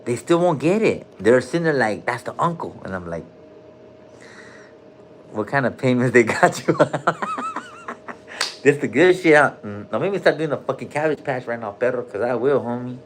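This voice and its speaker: A man's voice: mid-range voice, lively intonation, a little fast, slight background noise. Slangy joking man on a livestream. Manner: loose and joking, calls out viewers' names, heavy slang. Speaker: livestream host. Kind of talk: casual livestream chat. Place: hospital room.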